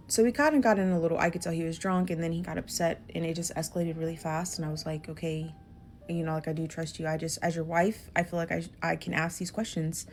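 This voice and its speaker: A woman's voice: lowish voice, darkish tone. A woman telling a casual storytime, chatty and full of fillers and quoted dialogue.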